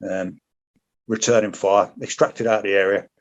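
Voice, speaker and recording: British ex-soldier telling war stories, swearing. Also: male voice, fairly low pitch, fairly even intonation, normal speed, muffled recording. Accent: British English. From Britain. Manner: swears freely, many restarts and asides. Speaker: podcast guest, former paratrooper. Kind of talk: casual storytelling.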